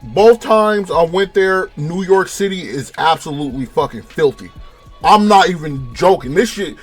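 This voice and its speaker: A man's voice: on the high side, normal speed, slightly rough, soft background music. A young man from California giving a rambling, profanity-heavy casual review of a TV episode. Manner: profane, rambling, animated retelling. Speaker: show reviewer.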